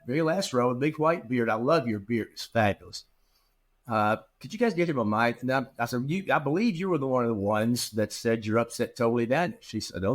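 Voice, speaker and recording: Man, middle-aged, consultant, lively anecdotes, acts out quoted dialogue, mid-range voice. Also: medium pitch. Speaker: practice management consultant. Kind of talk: storytelling in an interview.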